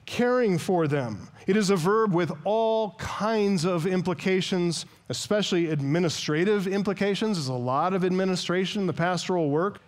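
A man's voice: high-pitched, moderate pace, hardly any pauses. A man preaching an earnest expository sermon as a pastor, reading scripture aloud and explaining it.

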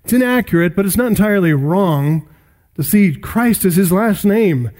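A man preaching an expository sermon, emphatic, rising loud and high on key points. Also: animated, moderate pace. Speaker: pastor.

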